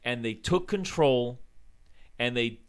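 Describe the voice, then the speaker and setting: A man's voice: mid-range voice, slow pace, clean tone. A man co-hosting a podcast, ranting heatedly with mocking asides. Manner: animated, mocking impressions of politicians. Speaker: podcast co-host. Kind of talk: heated rant.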